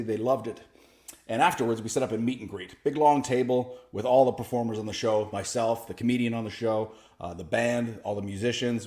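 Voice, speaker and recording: A man, a comedian telling stories in a stand-up set, with a dry, deadpan delivery that breaks into lively bursts. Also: medium pitch. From Canada. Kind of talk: stand-up storytelling. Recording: echoey room.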